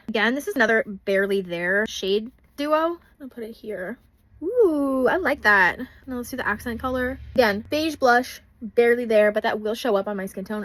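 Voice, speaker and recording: A woman's voice: on the high side, fairly bright tone. A young woman chatting casually as she swatches makeup in a vlog, gushing over products. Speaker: beauty vlogger.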